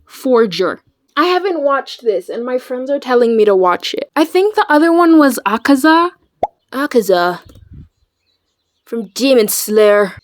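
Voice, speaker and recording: A woman chatting casually in a reaction video, animated and slangy, swearing freely. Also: high voice, no room sound, clean studio sound. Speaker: video creator.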